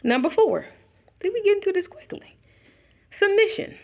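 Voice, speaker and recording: A woman's voice: extremely high pitch, sing-song, moderate pace, vocal fry, highs cut off. A middle-aged woman preaching a conversational sermon, acting out little dialogues as she talks.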